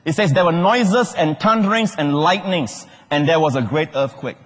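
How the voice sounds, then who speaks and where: A man preaching a sermon in a large hall, animated, questioning the congregation and shouting out key words. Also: on the high side, normal speed. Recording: long hall reverb.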